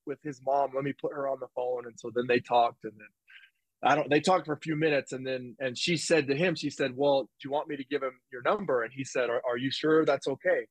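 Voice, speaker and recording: A man telling a personal story in a casual interview, animated and rambling, with restarts and quoted dialogue. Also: mid-range voice, a little fast, no room sound, poor audio. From United States. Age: 20s. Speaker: guest, former football player. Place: home office.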